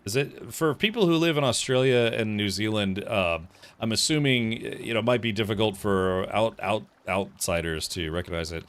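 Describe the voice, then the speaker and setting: A man's voice: fairly low pitch, moderate pace, fairly bright tone. A man hosting a let's play stream, chatty and easily distracted while he plays. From United States. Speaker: streamer host.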